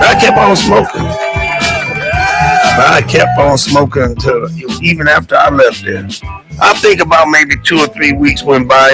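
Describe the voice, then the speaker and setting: A middle-aged man with a gravelly, creaky voice hosts a casual live stream. He talks loud and animated, calling out relatives by name, while loud music plays under him. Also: mid-range voice, rough recording. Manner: loud, animated, calls out family names. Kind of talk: casual live stream shout-outs and storytelling. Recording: loud music playing over the voice.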